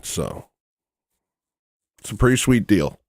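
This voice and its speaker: A man's voice: on the low side, big pitch swings, takes it slowly, gravelly. A man hosting a casual livestream, rambling and joking at his own expense while thanking viewers. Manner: rambling, self-deprecating, goofy. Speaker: livestream host.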